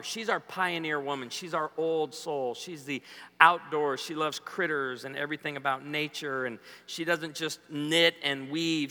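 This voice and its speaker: Telling stories and joking around with his congregation, a man in his forties gives a humorous sermon with plenty of playful back-and-forth. His voice sits a little high with a sharp edge, and long hall reverb surrounds it.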